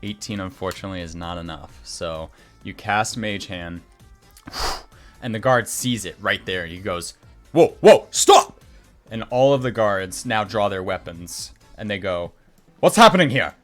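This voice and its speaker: A man running a tabletop game as game master, narrating in a relaxed, chatty way. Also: low-pitched, measured pace, soft background music.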